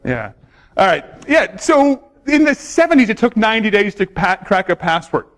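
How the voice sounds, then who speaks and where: A man's voice: high voice, sing-song, moderate pace, fairly bright tone. A man giving a conference talk on security, joking and quizzing the audience. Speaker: conference speaker.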